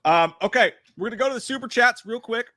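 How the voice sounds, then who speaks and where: A man's voice: very high voice, quick pace, bright, forceful tone, no echo, clean studio sound. A man co-hosting a casual live movie stream, laid-back and laughing often as he reads viewer messages. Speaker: podcast co-host.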